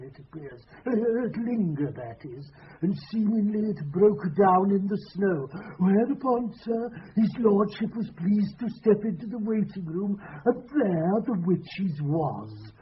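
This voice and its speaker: A deferential old male country butler, apologetic and rustic in speech, with a high voice. He sounds like a muffled old radio play, a faint hiss underneath. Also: animated, measured pace. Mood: earnest. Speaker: butler Rainbird. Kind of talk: radio drama acting.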